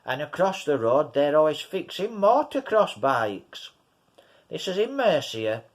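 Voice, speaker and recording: A man's voice: on the high side, big pitch swings, unhurried. An English man vlogging, telling a rambling story to his viewers and calling them guys. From England. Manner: rambling, repeats himself, addresses viewers as guys. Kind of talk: casual storytelling to camera.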